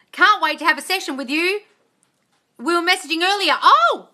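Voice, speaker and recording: Her voice is extremely high-pitched, pushed and bright, moving at a normal speed. A manifestation coach hosting a livestream Q&A on her phone, she reads viewer comments aloud, answers them, calls people darling, and swears bluntly and freely.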